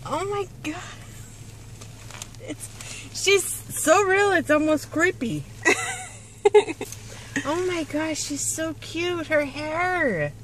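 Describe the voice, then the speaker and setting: A woman's voice: high voice, animated, drawn-out words, long pauses, a bit bright, slight background noise. A woman vlogger unboxing reborn dolls in casual chat, gushing and cooing as she talks.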